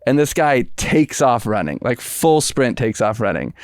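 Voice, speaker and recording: Young man, podcast co-host, lively storytelling, smooth clear voice, dry close sound. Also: mid-range voice, moderate pace, dry recording. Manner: animated, acts out quoted voices, laughs often. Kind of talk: casual storytelling chat.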